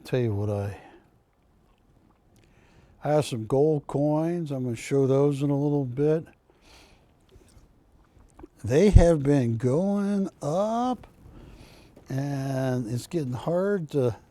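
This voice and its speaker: A man's voice: a little high, lively intonation, drawn-out words, pauses often, dark tone, no echo. A man hosting a live shopping channel broadcast, selling art with chatty, jokey banter from a studio. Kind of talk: live TV sales pitch.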